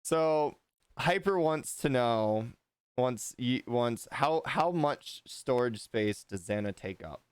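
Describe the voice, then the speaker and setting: Man with a smooth, dry voice. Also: medium pitch, expressive, slow, no echo. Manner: rambling, restarts often, swears casually. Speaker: livestream host. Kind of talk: casual livestream chat.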